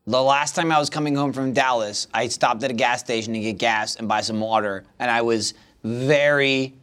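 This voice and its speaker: A man's voice: medium pitch, moderate pace, fairly bright tone, clear, resonant tone. A man chatting casually on a live comedy podcast, rambling and swearing as he mocks himself. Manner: rambling, swears, self-mocking. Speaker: podcast regular. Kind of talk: casual comedy banter before a live audience.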